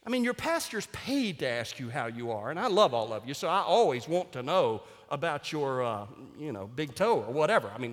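A man delivers a sermon as pastor in a church sanctuary. His voice sits high and moves with animated swings of pitch. He mixes wry, self-mocking humor with loud, exclaimed declarations, and a long hall reverb trails every phrase.

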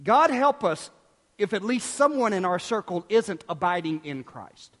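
A man with a high voice delivers a sermon from the pulpit. His delivery swings between forceful outbursts and soft, hushed asides. The church around him carries a long, ringing reverb. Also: a little slow. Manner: animated preaching, swinging from loud bursts to hushed tones. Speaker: pastor.

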